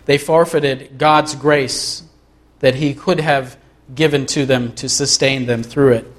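A man preaching a sermon as pastor, reading aloud from a book and slowing down to stress key words. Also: medium pitch, fairly even intonation. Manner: earnest, slows down for emphasis.

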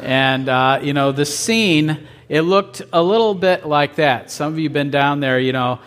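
Storytelling pastor, higher-pitched man. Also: measured pace, fairly bright tone, soft background music. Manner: casual storytelling, asks the congregation questions. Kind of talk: conversational sermon.

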